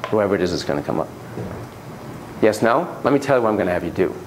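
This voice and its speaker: A man teaching a class on child psychotherapy in a classroom, talking in an animated way that swings between soft, low asides and emphatic bursts, often repeating his phrases. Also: fast, slight background noise, rough recording. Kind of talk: classroom lecture with a volunteer demonstration.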